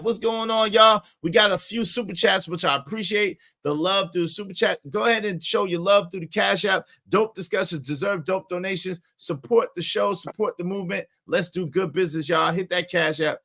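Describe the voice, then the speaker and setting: A man hosting a live stream, giving shout-outs and reacting to clips in casual, repetitive chat. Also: high voice, moderate pace, hardly any pauses. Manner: chatty, repeats phrases, gives shout-outs.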